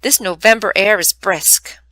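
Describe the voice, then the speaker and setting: A woman's voice: mid-range voice, a little slow, sharp tone, no echo, poor audio. A woman voicing a strict mother. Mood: firm. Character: strict, caring mother figure.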